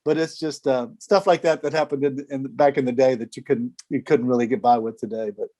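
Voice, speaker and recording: A man's voice: mid-range voice, steady tone, brisk, warm tone. A man around sixty, a TV sports director, telling stories on a video call interview. He laughs often and repeats words as he starts his phrases. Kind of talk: casual storytelling in an interview.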